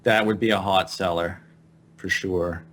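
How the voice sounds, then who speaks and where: Low-voiced man in a halting chat. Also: steady tone, a bit bright, slight background noise. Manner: halting, restarts his points. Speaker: podcast co-host. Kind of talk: casual gaming podcast chat.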